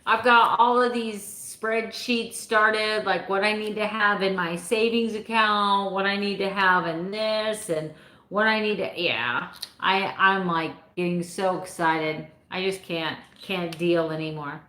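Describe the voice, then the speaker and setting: A woman's voice: medium pitch, fairly even intonation, a little slow, pushed and bright. A woman in her fifties chatting casually with her live viewers, rambling a little and laughing often. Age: 50s. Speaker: vlogger answering live chat. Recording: echoey room.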